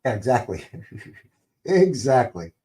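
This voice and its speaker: A man's voice: medium pitch, big pitch swings, unhurried, warm tone. A man hosting a live stream, talking casually in a rambling, conversational way, full of "you know" and "right?".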